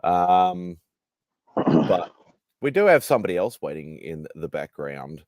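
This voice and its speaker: A man's voice: rumbling low, very animated, a little slow, a little mellow, dry recording, studio quality. A man with an Australian accent hosting a casual hangout show, laid-back and greeting viewers by name. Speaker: host.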